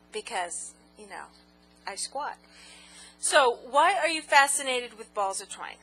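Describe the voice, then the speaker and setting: A woman's voice: a little high, expressive, takes it slowly, pauses often, sharp tone, breathy edge, poor audio. A woman vlogger answering viewer questions in a giggly, rambling, self-mocking casual chat.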